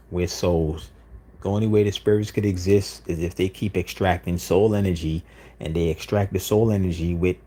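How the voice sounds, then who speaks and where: A man's voice: low voice, mellow, husky. A man hosting a livestream, delivering an insistent, repetitive monologue with frequent "you know what I'm saying.". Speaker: livestream host.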